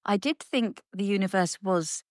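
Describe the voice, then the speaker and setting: A woman's voice: medium pitch, moderate pace, a little mellow, no room sound. A middle-aged woman in a casual chat, dry and teasing with a matter-of-fact delivery. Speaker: co-host, wife.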